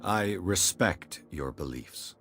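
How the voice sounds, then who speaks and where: An actor playing a composed investigator hero in a game, speaking in a measured, reserved way. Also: male voice, low voice, expressive, fairly bright tone, full character voice.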